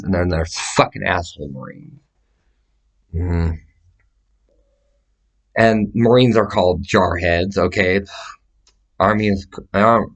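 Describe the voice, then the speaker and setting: Deep voiced guy just rambling to the camera, swearing a lot, jumps around. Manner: profane, meandering, gestures while describing sizes. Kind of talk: rambling casual monologue to camera.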